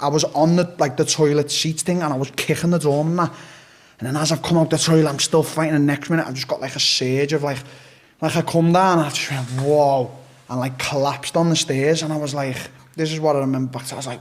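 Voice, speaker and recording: Speaking quickly in a slightly high voice with fairly even intonation, a male interview guest tells a story bluntly and casually. He swears freely and acts out what people said.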